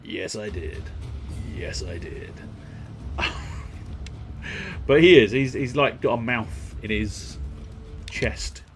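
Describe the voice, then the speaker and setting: A man's voice: lowish voice, slow, pauses often, a bit bright, faint music behind. A man streaming a video game, rambling casually with jokes and a self-deprecating streak. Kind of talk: casual gameplay commentary.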